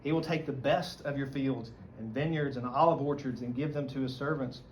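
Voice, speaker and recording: A man's voice: medium pitch, fairly even intonation, brisk. A man with a Southern American accent teaching a church Bible study, reading scripture aloud and explaining it earnestly. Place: church meeting room. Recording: dull lo-fi recording, faint room noise.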